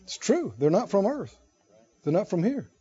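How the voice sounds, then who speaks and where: Male preacher, very high voice, slow and lively sermon, lo-fi church tape. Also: breathy edge. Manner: animated, exhorting, laughs often.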